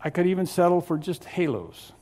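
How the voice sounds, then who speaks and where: Man, pastor, sermon, fairly high voice, slow emphatic stresses, dry humor, long church-hall reverb. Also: very animated, mellow. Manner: emphatic, drawn-out stresses on key words. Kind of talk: expository sermon.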